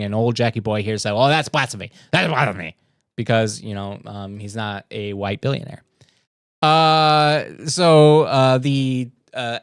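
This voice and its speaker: Man, livestream host, sarcastic commentary, dry close sound, mid-pitched voice. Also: smooth, no room sound. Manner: sarcastic, mocking, reads posts aloud with commentary. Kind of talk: casual political commentary.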